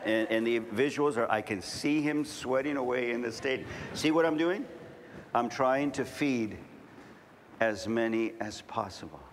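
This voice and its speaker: A middle-aged man preaching a sermon, telling stories and building to fervent shouting. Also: mid-range voice, measured pace, slight background noise. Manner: storytelling, rising to fervent shouting.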